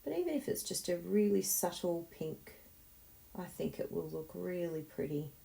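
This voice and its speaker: A woman's voice: lowish voice, sing-song, normal speed, vocal fry, mellow. A woman hosting a card-making tutorial, chatting encouragingly and thinking aloud as she works. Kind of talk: casual tutorial talk while crafting.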